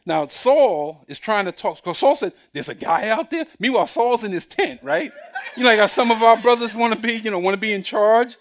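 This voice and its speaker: A male preacher giving a lively, humorous sermon in church, acting out scenes and calling someone up from the congregation. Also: high-pitched, a little fast. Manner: animated, jokey, acts out scenes, calls up a boy from the congregation. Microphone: recorded on camera for broadcast.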